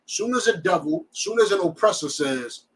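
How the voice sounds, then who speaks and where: A man teaching a scripture class in an animated way, often checking that his students understand. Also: high-pitched, moderate pace, recorded from a distance, a little hiss or hum, low-quality recording.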